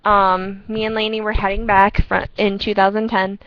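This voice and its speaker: A young woman casually telling rambling, excitable stories to a friend over a headset, often breaking into laughter. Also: medium pitch, moderate pace, dry recording, dull audio. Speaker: storyteller chatting with a friend. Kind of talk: casual storytelling chat. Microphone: earpiece headset.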